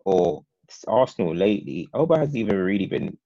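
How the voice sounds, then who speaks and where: Deep gravelly man in casual chat. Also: fairly quick, no room sound, dull audio. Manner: animated, talks in long opinionated runs.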